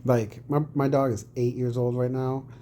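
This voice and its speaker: A man's voice: mid-range voice, little pitch movement, normal speed, warm tone, a little hiss or hum. A man giving casual reaction commentary on his own clip, rambling and swearing, sometimes explaining things in a mock-preachy tone.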